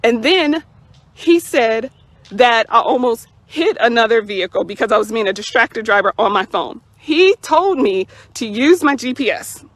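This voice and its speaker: A woman's voice: fairly high pitch, expressive, normal speed, no echo. A young woman telling her own story to the camera, indignant and emphatic, repeating words for stress. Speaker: mother recounting a police encounter. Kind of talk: personal account to camera.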